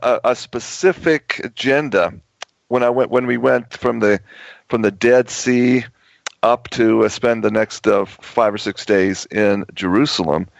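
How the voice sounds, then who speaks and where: A man's voice: mid-range voice, gravelly, dry recording. A man hosting a talk show, telling a long story in a rambling way with many restarts and repeated words. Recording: dull lo-fi audio.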